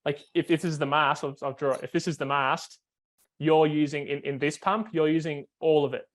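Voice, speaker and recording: A man's voice: a little high, steady tone, a little fast. A man, a foiling coach, explains technique on a video call, step by step, with many fillers and restarts.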